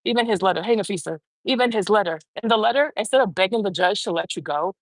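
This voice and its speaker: A woman hosts her own uncensored commentary show, swearing freely and repeating her points with heavy emphasis. She sits close to the mic in a dry, dead room, and her voice is middle-pitched for a woman. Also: fast, no echo. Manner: animated, emphatic, swearing, mimicking others mockingly.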